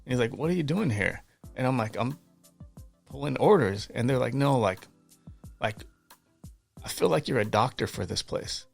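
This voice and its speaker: Gravelly earnest man telling faith stories. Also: medium pitch, lively intonation, moderate pace, long pauses, faint music behind. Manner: earnest, fervent, many restarts and repeated words. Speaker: podcast guest. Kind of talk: casual interview storytelling.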